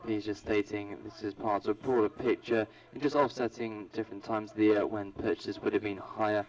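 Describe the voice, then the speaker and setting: A man giving live financial news commentary in a steady, matter-of-fact way, heard over a squawk feed. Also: lowish voice, a little fast. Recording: squawk feed played through room, distant.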